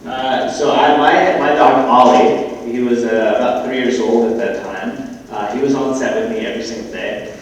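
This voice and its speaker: A man speaking as a guest on a live panel, casual and joking, with quick asides. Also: medium pitch. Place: live festival stage in a large hall. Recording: echoey hall, far from the mic.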